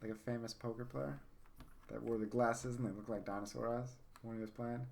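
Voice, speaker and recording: This man hosts a loose, casual podcast and rambles with eager enthusiasm. He keeps repeating his favorite phrases, in a voice of ordinary, middle pitch. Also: steady tone, a little fast, vocal fry, darkish tone, slight background noise. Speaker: podcast host. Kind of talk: casual chat.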